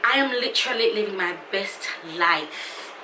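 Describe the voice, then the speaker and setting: A woman's voice: medium pitch, moderate pace, bright, forceful tone, distant mic, slight background noise. A woman with a Jamaican accent talking to her viewers in a casual, emotional, effusive vlog. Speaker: YouTuber. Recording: echoey room, somewhat off-mic.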